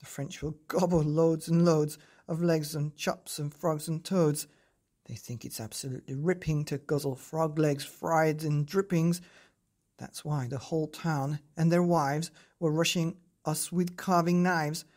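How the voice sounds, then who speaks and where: Bedtime podcast reader, mid-range voice, lively rhyming storybook narration. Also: medium pitch, unhurried. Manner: lively, rhythmic read-aloud. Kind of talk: storybook reading in rhyme.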